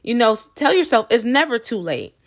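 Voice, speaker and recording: A woman's voice: on the high side, big pitch swings, fairly quick. Chatty woman podcast host, filler-heavy. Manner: chatty, many fillers like "like" and "you know"; addresses listeners as "y'all". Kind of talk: casual motivational podcast monologue.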